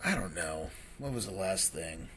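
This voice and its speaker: Slow, lively-pitched man on a video call. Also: creaky, noisy background. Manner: slow, hesitant talker who trails off. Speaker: podcast co-host. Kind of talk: casual chat.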